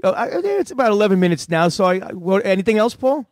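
A man's voice: sits high, very animated, fast talker, dry recording, studio quality. A man, a prank-call comedian, chatting casually on a radio show and telling stories in a rambling, profane way with lots of restarts.

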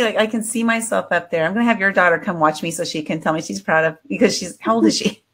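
A woman in her fifties hosts a casual interview. Her voice sits on the low side, and she talks with bubbly enthusiasm and laughs often. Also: fast talker, hardly any pauses, a bit bright, slightly rough. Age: 50s. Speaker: podcast host.

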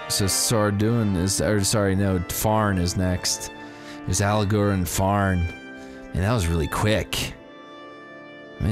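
Male gaming host, lowish voice, animated play-by-play, game music underneath. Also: no room sound. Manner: animated, exclaims often. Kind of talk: excited gameplay commentary.

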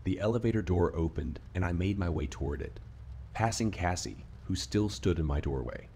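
A man reading a scripted horror story in a steady, measured narrating voice. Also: low-pitched, slight background noise. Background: faint rain ambience.

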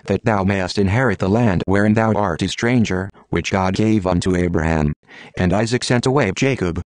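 A synthetic male text-to-speech voice reading scripture in an even, measured way. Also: fairly low pitch, dry recording. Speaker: Bible reader.

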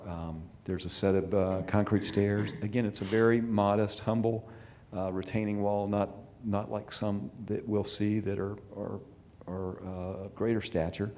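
A man presenting a site plan at a city review meeting, halting with many fillers and restarts. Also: on the low side, dark tone. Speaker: project presenter. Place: city meeting, remote or chamber.

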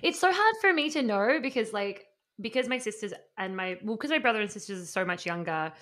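Bright, excitable woman podcast guest. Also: medium pitch, fairly quick. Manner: excitable, rambling, many fillers. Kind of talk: casual podcast chat.

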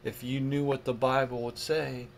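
A man preaching in a video, reading scripture slowly and emphatically, then breaking into mocking asides. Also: mid-range voice, flat delivery, gravelly, a little hiss or hum. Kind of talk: video sermon commentary.

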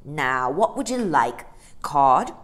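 A woman's voice: sits low, big pitch swings, slow pace, full character voice. A woman voicing a big, friendly male polar bear in a storybook reading, hearty and sociable. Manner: hearty, loud and warmly sociable.

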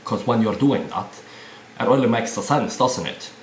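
A man's voice: medium pitch, lively intonation, normal speed. A man from Sweden, speaking with an American-leaning accent, rambles casually about accents and fills his talk with "you know.". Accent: Swedish-tinged American English. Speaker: vlogger. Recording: roomy echo, faint hiss.

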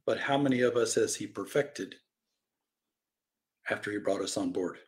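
A man preaching a Bible-study sermon in animated storytelling style, acting out quoted voices and swinging from loud cries to quiet asides. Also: fairly low pitch, normal speed. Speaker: pastor teaching a Bible lesson.

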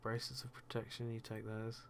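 A man's voice: on the low side, monotone, a little fast, vocal fry. A man hosting a let's play, chatting casually and grumbling wryly about the game, often laughing. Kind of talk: casual gameplay chat. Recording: faint background noise.

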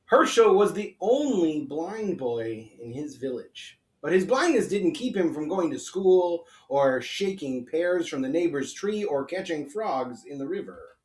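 A rabbi reading a children's story aloud in an expressive storytelling manner. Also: male voice, fairly high pitch, unhurried, hardly any pauses, recorded from a distance. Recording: echoey room, off-mic.

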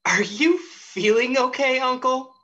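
A woman's voice: high-pitched, slow pace, bright, forceful tone, slightly rough, lo-fi sound, full character voice. A woman playing an eager, affectionate young nephew in an amateur online play. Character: warm-hearted young male nephew, eager.

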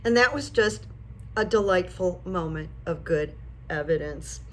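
An older woman chats straight to her viewers in a casual vlog, telling everyday stories. Her manner is chatty and lively, and it gets animated whenever she retells a moment. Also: fairly low pitch, unhurried. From United States. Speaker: vlogger and psychic coach. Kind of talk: casual talk to camera.

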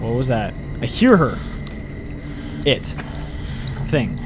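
A young man losing his voice, panicking, yelling and cursing while commentating on a horror game. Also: mid-range voice, sing-song, slow, noisy background. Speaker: gaming let's play host.

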